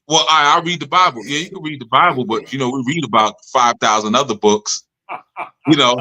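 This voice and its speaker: A man with a bright, forceful voice that sits a little high for a man delivers a loose, streetwise lecture to his study group. He jokes, preaches and slips into mock complaints from his listeners in a higher pitch, sounding middle-aged. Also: expressive, a little fast. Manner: streetwise, joking, acts out followers' complaints in higher voice. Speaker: spiritual leader of a study group. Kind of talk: live study session talk.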